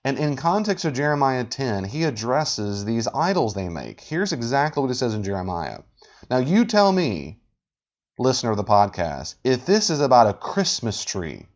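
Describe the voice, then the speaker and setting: A man hosting a podcast, talking with animated, sarcastic exasperation as he rebuts a video. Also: medium pitch, normal speed. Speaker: podcast host. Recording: dull lo-fi audio.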